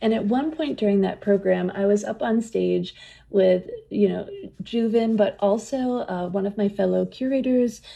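A woman who leads museum programs tells enthusiastic stories as an interview guest, often laughing while she talks. Her warm, mid-range voice has vocal fry and moves at normal speed, and the recording is muffled.

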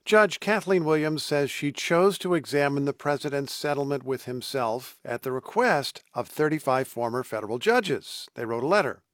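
Crisp male radio news host. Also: a little high, lively intonation, normal speed, few pauses, no echo, studio quality. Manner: crisp, probing questions and clarifications.

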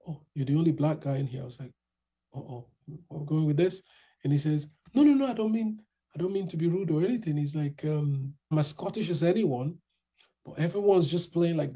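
A man's voice: on the high side, gravelly, mellow, breathy edge. A young man casually telling his story in an interview, acting out other people's lines in raised voices.

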